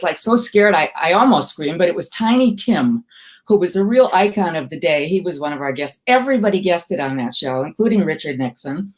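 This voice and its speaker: An older woman from Milwaukee, a comedy writer telling wry, self-deprecating stories in an interview. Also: on the low side. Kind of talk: storytelling interview.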